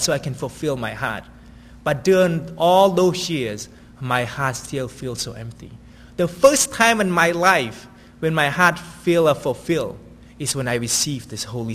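A man's voice: a little high, in a large hall. A man preaching a sermon in a conversational way, often asking "right?" as he tells stories.

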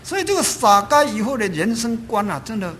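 A high-voiced man preaches with a lively, swooping delivery, leaning hard on key words and stretching some out. He speaks in short bursts, stopping so each line can be interpreted. Faint noise sits behind him. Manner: lively, emphatic preaching with drawn-out stresses. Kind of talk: sermon with interpreter.

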